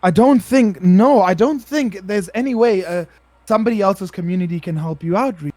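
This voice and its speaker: Laid-back South African man, slangy, higher voice. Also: brisk, crowd noise. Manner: laid-back slangy, says bro often. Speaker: guest streamer. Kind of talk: casual podcast chat.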